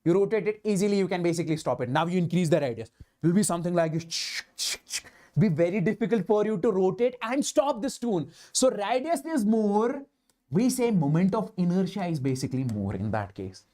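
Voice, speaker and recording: A man's voice: sits high, animated, fairly quick, mellow. A man with an Indian accent teaches physics in a live online class. He talks emphatically, repeats his points and keeps asking whether his students have understood, now and then slipping a Hindi word into his English. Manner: mixes Hindi words into English.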